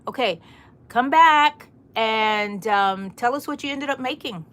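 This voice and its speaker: A woman's voice: fairly high pitch, measured pace, fairly bright tone. Chatty middle-aged woman hosting a crochet stream. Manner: chatty, reads viewer comments aloud, laughs often. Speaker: crochet livestream host. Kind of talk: casual live-stream chat.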